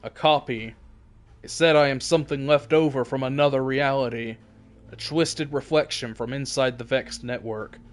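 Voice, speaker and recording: A man reading aloud and voicing a weary, brooding male warrior hero who talks in a flat, heavy, grave way. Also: mid-range voice, moderate pace, close to an everyday voice.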